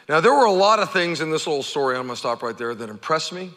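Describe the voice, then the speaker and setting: A man preaching a sermon, telling the story with animated energy and acting out the characters' shouts. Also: medium pitch, fairly quick, in a large hall. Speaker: pastor.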